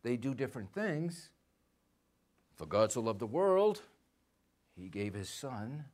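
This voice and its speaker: A male pastor preaching a sermon in a church, lively and conversational, acting out short bits of dialogue and putting questions to the congregation. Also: medium pitch, takes it slowly. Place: church sanctuary.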